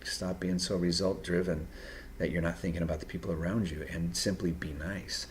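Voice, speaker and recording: A man talking straight to viewers, giving earnest, direct advice off the cuff, pausing and restarting as he thinks. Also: deep voice, steady tone, a little hiss or hum. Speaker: video host giving personality-type advice. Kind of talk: unscripted advice monologue.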